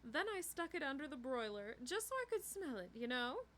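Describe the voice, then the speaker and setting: A woman reader voicing a chirpy, prim vampire woman with a sunny, high voice. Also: sing-song, normal speed, a little hiss or hum. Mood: wistful. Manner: bright chirping voice that turns sharp.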